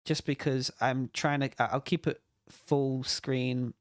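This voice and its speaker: A man's voice: medium pitch, fairly even intonation, slow, dry recording, clean studio sound. A man judging a game jam entry on a livestream, talking casually and reacting aloud to each guess as he plays. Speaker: game jam judge and streamer. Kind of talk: casual let's-play commentary.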